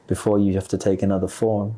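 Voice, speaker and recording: Earnest man with a lowish voice. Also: little pitch movement, warm tone. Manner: earnest, explaining with pauses and restarts. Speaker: podcast guest. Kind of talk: spiritual discussion.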